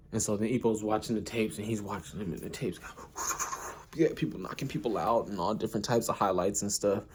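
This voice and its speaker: A man's voice: lowish voice, a little mellow. Rambling, slangy young man retelling a story. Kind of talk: casual retelling of an anime.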